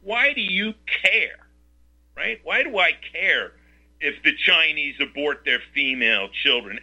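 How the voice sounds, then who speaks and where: A man's voice: on the high side, lively intonation, measured pace, pushed and bright. Male radio host, combative rhetorical rants, piercing tone, muffled radio sound. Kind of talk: talk radio commentary.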